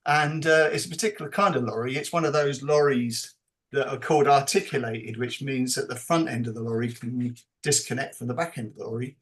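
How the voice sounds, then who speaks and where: A man presenting a teacher training session over a video call, explaining slowly and acting out classroom dialogue. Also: medium pitch.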